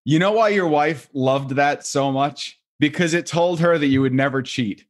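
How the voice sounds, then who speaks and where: A man hosting a casual podcast chat as a comedian, enthusiastic and quick with laughs. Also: a little high.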